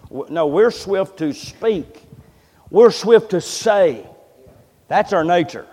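Impassioned preacher in a big hall. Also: male voice, high-pitched, lively intonation, takes it slowly, dark tone. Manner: impassioned, repeats words, folksy. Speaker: pastor. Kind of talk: sermon. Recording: long reverb of a large hall.

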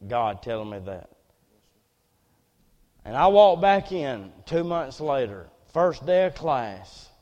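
A man preaching a sermon as personal testimony, earnest storytelling that drops to near hushes and rises again. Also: mid-range voice, big pitch swings, takes it slowly, long pauses, long reverb tail, dull audio.

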